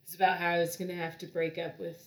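A woman co-hosting a podcast in wry, playful banter, with a slightly low voice. She chats loosely in an echoey room. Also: monotone, fast talker. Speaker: podcast co-host. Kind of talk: casual podcast chat.

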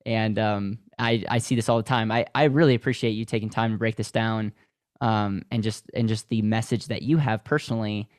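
A man's voice: on the low side, fairly even intonation, fairly quick, dry recording, studio quality. An American man hosting a podcast, enthusiastic and motivational, often restarting his sentences. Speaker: podcast host. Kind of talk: podcast interview.

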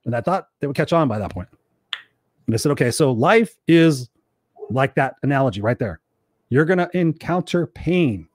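A man's voice: mid-range voice, lively intonation, moderate pace, no echo, clean studio sound. A middle-aged man hosting a motivational talk show, speaking emphatically and repeating his key points for viewers. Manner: emphatic, repetitive, acts out quoted voices.

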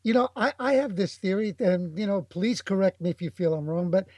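A man with a notably high voice hosts an interview. He asks his guest questions in an encouraging way. The sound is dry and close, with no room around it. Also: a little fast, darkish tone, dry recording.

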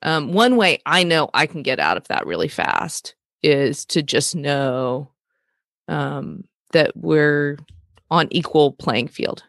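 A woman co-hosting a conversational talk, explaining ideas about relationships and stressing key points slowly. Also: low-pitched, expressive, gravelly, dry recording, clean studio sound.

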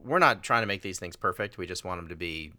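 A man's voice: low-pitched, animated, quick pace, pushed and bright, no echo. A middle-aged man hosting a casual conversation, laughing often and telling a self-deprecating joke. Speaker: podcast host.

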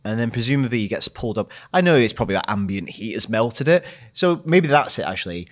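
Male podcast co-host, animated pitch, analytical, keeps the talk on track. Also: quick pace. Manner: analytical, steers the discussion. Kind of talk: casual film review chat.

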